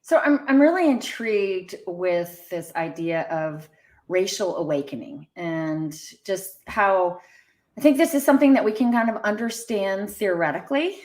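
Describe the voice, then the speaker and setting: A woman's voice: medium pitch, expressive, normal speed, a little mellow. A woman hosting a live online interview, asking reflective, curious questions. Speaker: host.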